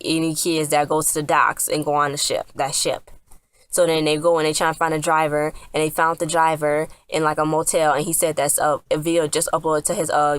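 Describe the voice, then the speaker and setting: Give me a deep-voiced woman retelling a TV episode in a loose, filler-heavy ramble. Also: dry recording. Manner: rambling, many fillers and restarts. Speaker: TV episode reviewer. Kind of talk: casual episode recap.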